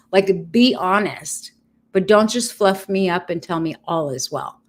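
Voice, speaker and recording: A woman's voice: medium pitch, expressive, moderate pace. A woman in her fifties talking candidly to her viewers on a livestream, earnest, blunt and heartfelt. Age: 50s. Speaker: vlogger sharing her cancer treatment.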